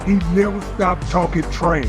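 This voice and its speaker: A man's voice: high-pitched, steady tone, normal speed, music in the background. A man recalling a teammate in an interview, plain-spoken and emphatic. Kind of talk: interview recollection.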